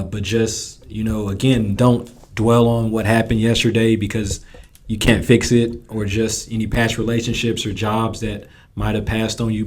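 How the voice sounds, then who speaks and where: A man with a lowish voice co-hosts a casual podcast. He muses reflectively with loose phrasing, and his pitch stays fairly level. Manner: reflective, loose, leaning on "you know" and "just". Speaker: podcast co-host.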